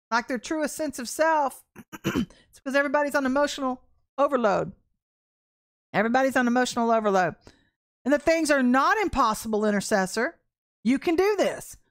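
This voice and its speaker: Her voice is high as she gives an informal prophetic sermon. The minister hammers home her main phrases through repetition, speaks with emphasis, and clears her throat often.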